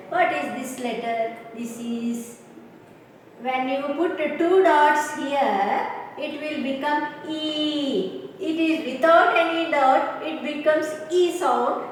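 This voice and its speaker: A woman teacher with a high voice talks slowly through a pronunciation lesson, repeating sounds and asking whether the class understands. She is caught from a distance in a large hall, her voice ringing with long reverb over a faint room hum. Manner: slow, repetitive, asks "understand?" often. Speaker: English teacher. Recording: echoey hall from far off, faint ambience.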